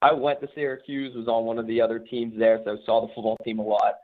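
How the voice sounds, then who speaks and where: A man's voice: level tone, fast. Matter-of-fact male caller on the phone. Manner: matter-of-fact betting pitch. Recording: phone line.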